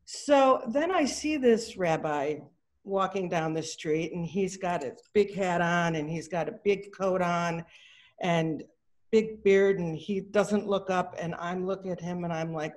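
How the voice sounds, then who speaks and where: A woman's voice: mid-range voice, measured pace, a little mellow. A middle-aged woman, an artist, telling a casual story over a video call, chatty and full of fillers, acting out the dialogue. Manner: chatty, acts out quoted dialogue, many fillers and restarts. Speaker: artist giving a talk.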